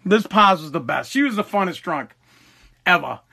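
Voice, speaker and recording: A man's voice: high voice, animated, moderate pace, creaky, pushed and bright, slightly rough. A man hosting a casual podcast, rambling, swearing and laughing often. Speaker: podcast host. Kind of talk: casual storytelling chat.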